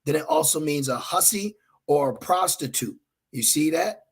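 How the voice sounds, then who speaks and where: A man's voice: on the high side, expressive, normal speed, gravelly, slightly rough. A young adult man preaching a fiery sermon, confrontational and scornful as he reads scripture aloud. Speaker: street preacher.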